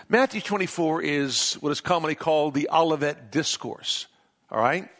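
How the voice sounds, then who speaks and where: A man preaching a sermon as pastor, reading scripture aloud and stressing key words slowly. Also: a little high, fairly bright tone.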